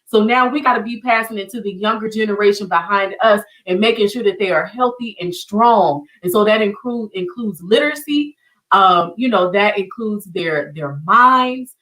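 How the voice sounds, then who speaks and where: A middle-aged woman with a Southern US accent hosts an online teach-in, chatting to viewers in a warm, encouraging way. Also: mid-range voice, moderate pace, far from the mic, rough recording. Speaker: online community show host. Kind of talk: casual livestream teaching.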